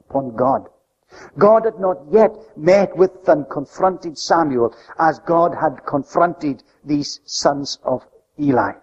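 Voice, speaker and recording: A man preaching a sermon with an emphatic delivery that swings between loud, high stresses and soft, low drops. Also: slightly rough. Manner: emphatic, rising and falling delivery. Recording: lo-fi recording with long hall reverb.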